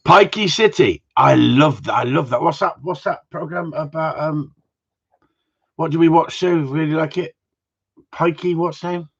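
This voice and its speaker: A man's voice: a little high, measured pace, vocal fry, slightly rough. A man hosting a live Q&A, bantering and teasing his viewers in a rambling, joking way. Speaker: host of a live gundog Q&A stream. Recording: dull lo-fi livestream audio.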